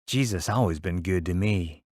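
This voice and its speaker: A man's voice: deep voice, normal speed, a little mellow, no room sound, studio quality. A man reading aloud, voicing a frightened woman cook who speaks plaintively in dialect. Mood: fearful. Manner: fearful, plaintive.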